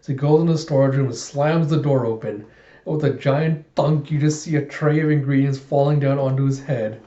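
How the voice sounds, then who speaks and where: A man's voice: mid-range voice, fairly even intonation, fairly quick, mellow. A man casually recapping a manga chapter in a chatty way, retelling scenes line by line, recorded in an echoey room with dull sound. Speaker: manga reviewer.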